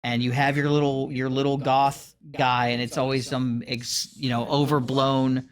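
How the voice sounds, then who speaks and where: A man's voice: mid-range voice, flat delivery, normal speed. A man co-hosting a gaming podcast in casual chat, rambling with restarts and fillers. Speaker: podcast co-host.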